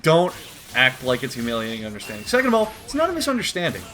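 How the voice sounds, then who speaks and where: Comedy host reading a comic: profane, rambling, very expressive pitch. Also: male voice, fast talker. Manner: rambling, profane, deadpan asides.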